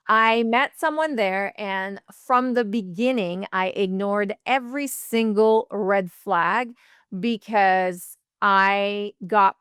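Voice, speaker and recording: A woman's voice: mid-range voice, fairly bright tone, smooth, no room sound, clean studio sound. A woman relationship coach telling a personal story in a podcast interview, acting out quoted dialogue and laughing often.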